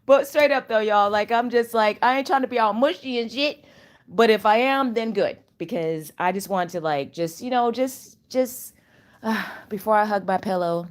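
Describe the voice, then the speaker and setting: A woman chatting at home in a casual spiritual vlog, animated and rambling, with loose slangy talk. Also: medium pitch, moderate pace. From Chicago area. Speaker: channel host.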